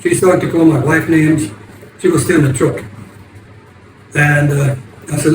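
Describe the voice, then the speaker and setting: Older man telling a story, halting and roomy. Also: fairly high pitch, fairly even intonation. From United States. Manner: rambling, halting, many restarts. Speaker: vlogger. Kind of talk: casual storytelling. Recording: echoey, distant, noisy ambience.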